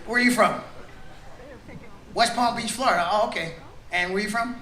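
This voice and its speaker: A middle-aged comedian with a high voice and moderate pace does stand-up into a stage mic, teasing and joking with the crowd. He's in a large theater on a cruise ship, where the sound echoes and loud audience laughter fills the background.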